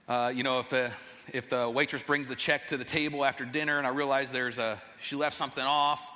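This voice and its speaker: A man's voice: medium pitch, fairly even intonation, a little fast, sharp tone, in a large hall. A man, a pastor, preaching a conversational sermon and often speaking out his listeners' thoughts. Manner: conversational, restarts phrases, acts out listeners' thoughts.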